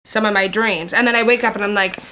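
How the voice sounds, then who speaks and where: Bright-voiced chatty woman. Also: mid-range voice, fairly even intonation, fast. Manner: chatty, swears casually, many fillers. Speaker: podcast co-host. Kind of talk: casual podcast chat.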